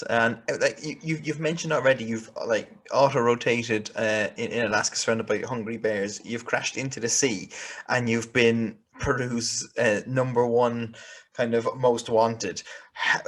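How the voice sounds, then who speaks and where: A man's voice: medium pitch, fairly bright tone. Joking male podcast host. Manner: quips and laughs along with the guest. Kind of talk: casual interview.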